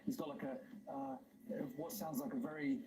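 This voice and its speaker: A man's voice: medium pitch, steady tone, moderate pace, over a noisy crowd, rough recording. A man hosting a livestream in casual chat, talking enthusiastically and rambling, with frequent laughs. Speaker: livestream host.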